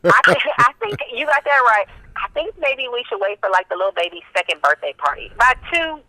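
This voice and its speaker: A woman co-hosts a radio talk show, trading celebrity gossip with a blunt, sassy edge. Her voice is bright and tense, and it sits dry and close in the studio. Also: fairly high pitch, big pitch swings, a little fast, dry recording, rough recording. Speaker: radio co-host. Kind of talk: casual celebrity gossip chat.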